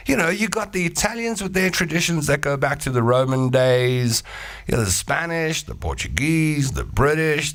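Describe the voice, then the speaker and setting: A man's voice: medium pitch, fairly bright tone. A man with a South African accent hosting a casual live show. He reads viewer comments and rambles into jokey stories. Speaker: show host. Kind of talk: casual livestream chat reading viewer comments.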